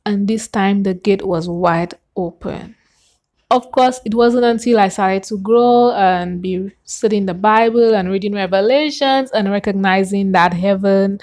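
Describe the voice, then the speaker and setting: A woman telling her personal faith testimony in an earnest, animated way, gasping and acting out what she said back then. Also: mid-range voice. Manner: earnest and animated, with gasps and acted-out quotes.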